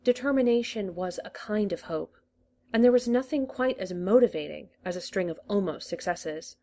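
A woman reading a story aloud, in a measured storytelling manner. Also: mid-range voice, animated, dark tone. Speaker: reader. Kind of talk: reading fan fiction aloud.

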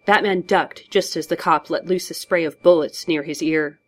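A woman narrating a story in a steady, measured audiobook reading. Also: deep voice.

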